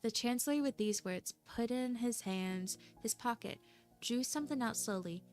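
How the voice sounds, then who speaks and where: A woman reading a classic Christmas story aloud, steady, with small stumbles over names. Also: fairly high pitch, normal speed, soft background music. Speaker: storybook reader.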